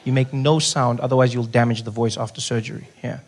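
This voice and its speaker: A South African man doing stand-up comedy, telling an animated story that swings between loud bits and hushed talk. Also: medium pitch, quick pace. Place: comedy club stage.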